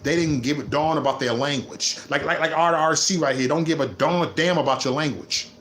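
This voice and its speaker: A man ranting on his vlog, repeating himself and swinging between low muttering and loud laughing outbursts. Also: brisk, a little hiss or hum. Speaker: vlogger. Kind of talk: unscripted livestream rant.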